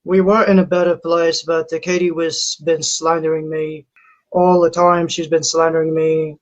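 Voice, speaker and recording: A man with a high voice answers slowly and haltingly. He repeats himself and fills gaps with "uh". The audio is dull and lo-fi, like a stream capture. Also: level tone. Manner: halting, repetitive, full of fillers. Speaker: online panel guest. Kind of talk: livestream panel talk.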